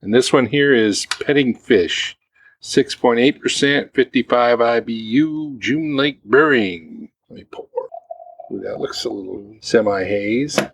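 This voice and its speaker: A man co-hosting a beer tasting podcast, chatting casually and telling relaxed stories. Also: mid-range voice, measured pace, gravelly. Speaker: co-host of a beer tasting show. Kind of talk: casual chat.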